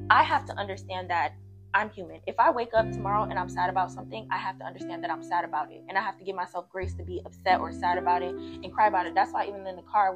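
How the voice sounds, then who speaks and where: A young woman talks through her feelings in an easygoing, reflective way, often circling back with "you know". Guitar music plays clearly underneath her. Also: medium pitch. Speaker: daughter in family conversation. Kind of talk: casual heartfelt chat.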